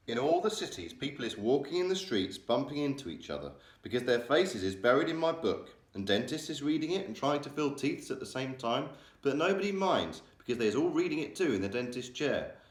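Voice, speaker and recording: A male primary school teacher reading a children's novel aloud, changing his voice for the characters. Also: medium pitch. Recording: echoey room.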